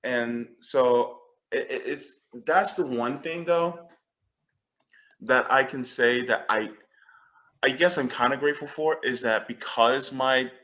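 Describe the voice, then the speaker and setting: A man speaking as a panelist in a discussion, animated and emphatic, swearing when riled. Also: medium pitch, slow pace.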